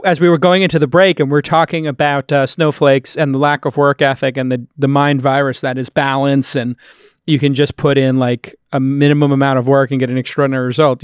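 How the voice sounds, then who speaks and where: A man's voice: fairly high pitch, no echo, clean studio sound. A man from Brooklyn with a Brooklyn accent, hosting a podcast in an emphatic, opinionated way. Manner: emphatic, opinionated, repeats points for stress. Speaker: podcast host. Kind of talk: casual podcast talk and host-read ad.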